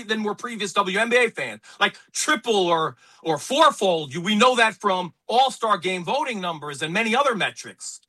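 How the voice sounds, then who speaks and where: A man hosting a talk radio show, speaking in an emphatic, opinionated way about sports and politics. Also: sits high. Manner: animated, emphatic, quick asides. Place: radio studio.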